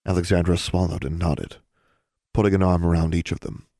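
A man narrating an audiobook in an even, measured way. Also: deep voice, creaky, dry recording, studio quality.

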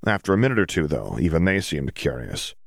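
Male audiobook narrator, very low voice, dry close sound, steady descriptive reading. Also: a little fast, gravelly, no room sound.

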